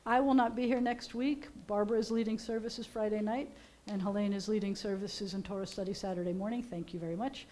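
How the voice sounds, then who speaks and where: A woman's voice: mid-range voice, fairly even intonation, brisk, a little mellow, a little hiss or hum. A woman rabbi, chatting playfully as she teaches Hebrew letters at a service. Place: synagogue sanctuary.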